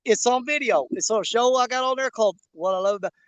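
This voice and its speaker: A man's voice: very high voice, fast talker, clean tone, dry recording, low-quality recording. A man, a fishing vlogger talking casually from a riverbank in a folksy, rambling way. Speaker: fishing channel host. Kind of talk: casual vlog talk while bank fishing. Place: outdoors on a riverbank.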